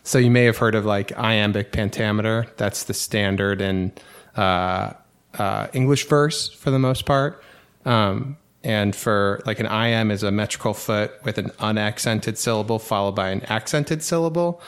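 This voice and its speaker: Man, podcast co-host, rambling casual explainer, lowish voice. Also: normal speed, smooth. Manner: rambling, filler-heavy explaining.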